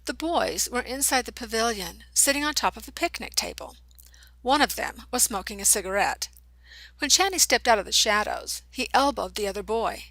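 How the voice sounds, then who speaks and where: A woman narrating a young adult novel as an audiobook, reading in an expressive storytelling manner. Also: on the high side, moderate pace, dry recording, rough recording.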